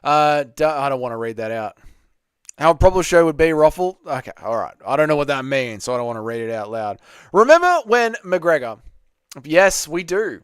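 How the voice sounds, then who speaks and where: A young man hosts a casual live stream and chats loosely with his viewers. His voice is clear and smooth, with a lively, swinging pitch. The sound is dry and close to the microphone. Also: normal speed, no room sound. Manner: chatty, reads chat aloud, banters with viewers.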